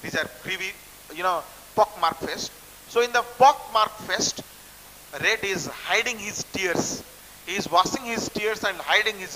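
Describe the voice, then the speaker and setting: An Indian English man lecturing a class on a story, with a high voice and a very bright, sharp tone. He repeats himself and circles back to define words. The recording carries a long echo and a faint hiss. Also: a little slow. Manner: repetitive, restarts phrases while explaining word meanings. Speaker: college English teacher. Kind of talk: explaining a textbook story to students.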